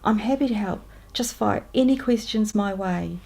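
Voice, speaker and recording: A woman's voice: medium pitch, moderate pace, gravelly. A woman with a New Zealand accent reading aloud her own letters, in a chatty, upbeat way. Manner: warm, chatty letter-reading with lively lifts on greetings.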